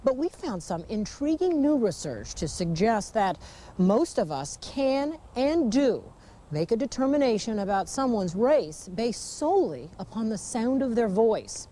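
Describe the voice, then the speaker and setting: Woman, TV reporter, measured, mellow, animated pitch, soft music behind. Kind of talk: broadcast reporting.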